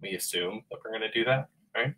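A fast-talking man with a fairly low voice co-hosts an arts therapy livestream. He keeps the chat playful, silly, and self-deprecating, wandering between songs he makes up on the spot.

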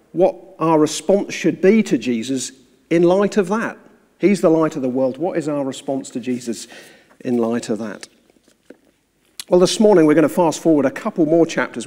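A man preaching a sermon, telling a story in a measured, earnest way before moving into the sermon itself. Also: on the high side, mellow. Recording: reverberant hall sound.

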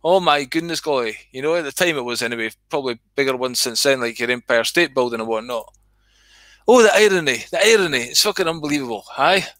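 A man's voice: mid-range voice, fast, a bit bright, no room sound. A man telling a comic story and chatting, sweary and rambling. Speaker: host reading his own comedy skit.

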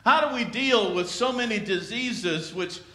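A pastor preaching a sermon in a church, with a slow, dramatic delivery that swells and then drops to a hush. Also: male voice, sits high, expressive. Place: church sanctuary. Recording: echoey church room.

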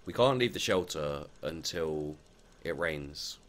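A man's voice: extremely low pitch, animated, slow pace, a little hiss or hum. A man giving casual let's play commentary, muttering to his game characters and swearing freely as he goes.

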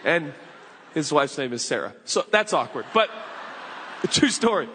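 A man in his forties preaching a sermon, telling a story with stammered restarts and sudden shouted bursts. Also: on the high side, big pitch swings, normal speed, a little hiss or hum. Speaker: pastor. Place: church auditorium with live audience. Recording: long reverb of a large hall.

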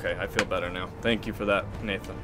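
A man's voice: low-pitched, steady tone, fast, loud music behind the voice. Swearing, raging man streaming a game. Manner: swearing, raging, laughing at himself. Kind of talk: live gaming stream commentary.

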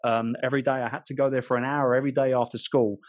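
A British man in his forties, an author guest telling animated stories in an interview, often restarting his sentences. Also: mid-range voice, racing, no room sound. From England. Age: 40s. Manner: animated storyteller, frequent restarts. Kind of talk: storytelling interview chat.

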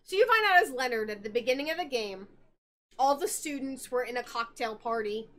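A woman's voice: on the high side, lively intonation, brisk, fairly bright tone, a little hiss or hum. A tipsy woman hosting a podcast, rambling through a game's story in casual chat, giggling and swearing as she goes. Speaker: podcast host.

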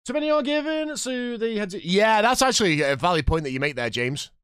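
A man in his thirties playing a football management game, chatting with viewers and reacting loudly to the match. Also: sits high, expressive, brisk, smooth, dry recording, studio quality. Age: 30s. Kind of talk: live gameplay commentary and chat.

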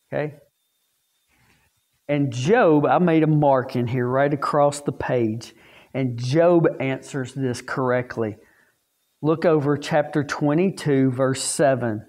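A man leads a Bible lesson for staff in a folksy, conversational way. His voice sits at an ordinary middle pitch. He keeps putting questions to the class and then answering them himself. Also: slow, long pauses, a little mellow. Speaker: Bible teacher.

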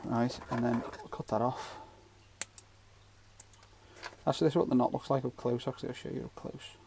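A man's voice: medium pitch, steady tone, fast, vocal fry, noisy background. A man giving a casual, rambling fishing knot tutorial with jokey asides. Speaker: fishing channel host.

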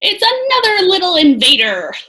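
Woman voicing jolly middle-aged monk, storybook, hearty, friendly, lively intonation. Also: very high-pitched, moderate pace, pitched above the performer's own voice, full character voice.

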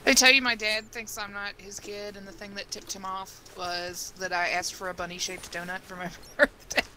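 A woman's voice: mid-range voice, flat delivery, normal speed, sharp tone, slight background noise. A woman from the southern United States co-hosting a gaming channel, trading dry, teasing banter in casual gameplay chat.

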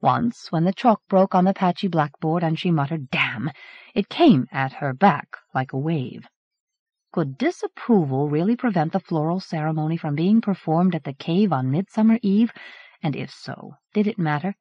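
A woman's voice: on the low side, moderate pace, no echo. A woman narrating a horror novel as an audiobook, from a dull 1980s cassette recording. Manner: expressive storytelling. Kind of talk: scripted narration.

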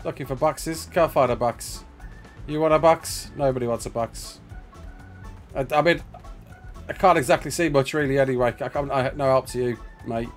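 A man's voice: mid-range voice, moderate pace, faint music behind. A man hosting a casual gaming session, playful and laughing, calling his co-player mate. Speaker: gaming video host.

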